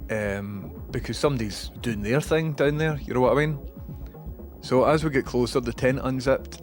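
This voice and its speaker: A man with a Scottish accent who streams, rambling casually and self-mockingly while reading out viewer messages. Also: medium pitch.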